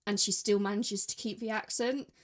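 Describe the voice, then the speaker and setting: A woman priest co-hosting a casual podcast, explaining in a measured way and trailing off softly. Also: mid-range voice, steady tone.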